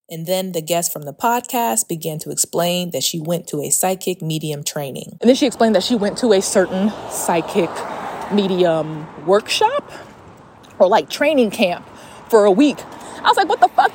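A young woman hosting a podcast, telling a personal story in a casual, animated way while walking outdoors. She swears freely and often restarts her sentences. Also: lowish voice, slight background noise. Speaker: podcast host.

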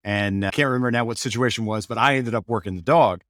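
A man hosting a casual podcast about dog training, asking guiding questions and telling relaxed anecdotes. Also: mid-range voice, quick pace, no echo, studio quality.

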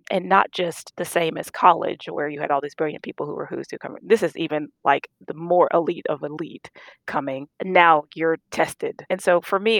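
A middle-aged woman doctor casually recounting stories in an interview, animated and laughing as she acts out dialogue. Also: fairly low pitch, vocal fry, no echo. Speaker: guest, physician.

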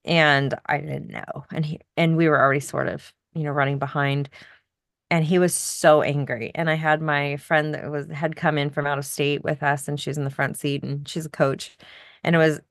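A middle-aged woman co-hosting a podcast, telling a story in casual chat with soft laughs. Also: sits low, level tone, moderate pace, no room sound, studio quality. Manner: reflective, storytelling, laughs softly between points. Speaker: podcast co-host.

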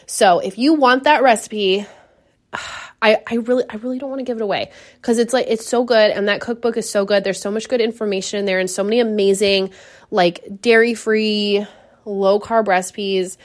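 Young woman fitness coach rambling on her podcast, chatty and animated, dry close sound. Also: medium pitch, moderate pace, no echo. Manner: chatty, animated storytelling with lots of fillers. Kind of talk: casual solo podcast chat.

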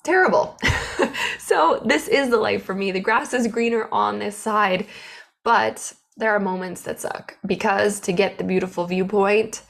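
A woman speaking candidly to camera about her life as an entrepreneur. Her telling is open and emotional, with big feelings put plainly into words. Her voice sits at an ordinary middle pitch for a woman. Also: unhurried, vocal fry. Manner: open, emotional, animated storytelling. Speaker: business owner. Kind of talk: candid personal vlog.

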